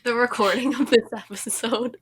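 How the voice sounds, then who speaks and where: A woman's voice: fairly high pitch, steady tone, normal speed, husky. Sarcastic young woman co-host. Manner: teasing, sarcastic. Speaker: podcast co-host. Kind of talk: casual chat.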